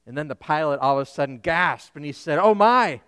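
A man's voice: a little high, fairly even intonation, quick pace, fairly bright tone, clear, resonant tone, big-room sound. A man, a Lutheran pastor, preaching a sermon emphatically and putting questions to the congregation.

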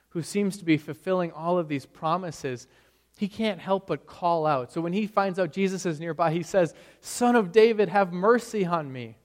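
Earnest preaching man in a reverberant hall. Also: on the high side. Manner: earnest, rising and falling emphasis, occasional stumbles. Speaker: pastor. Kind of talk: sermon.

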